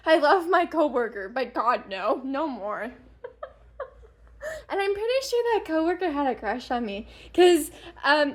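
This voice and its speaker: A high-pitched young woman in her late teens, chatting through a storytime vlog. She rambles from one aside to the next, breaks into laughter often and swears without a second thought. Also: big pitch swings, a little slow. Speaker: vlogger. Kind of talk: casual storytime chat.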